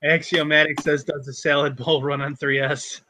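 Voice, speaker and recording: A man with a bright, sharp tone and a slightly high voice co-hosts a casual podcast. He throws in teasing jokes and reads out viewer comments. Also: level tone, normal speed. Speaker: podcast co-host. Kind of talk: casual chat.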